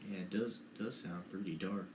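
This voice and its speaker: Here a young man's low, darkish voice holds a steady tone at a normal speed. He co-hosts a laid-back podcast, wandering and hedging as he chats, in an echoey space with a little faint noise.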